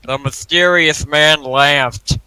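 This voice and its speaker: A young man with a bright, forceful voice reads a horror story aloud as a joke, loud and profane. His voice sits a bit high for a man. The sound is close and dry. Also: steady tone, slow, smooth, no echo, poor audio. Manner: loud, swearing, laughs often. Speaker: reader.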